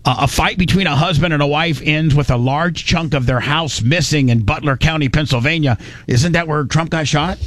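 A male talk radio host rambles casually into a studio microphone, restarting his sentences and cracking jokes. His voice sits slightly high for a man. The sound is dry and close, with no room around it. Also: moderate pace, no room sound. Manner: rambling, restarts often, jokey.

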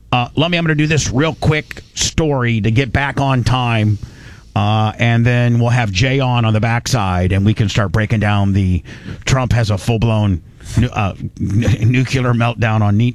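On a casual talk radio show with ad reads, a man with a lowish voice rambles and cracks jokes, frequently correcting himself mid-sentence. There's no echo on the recording.

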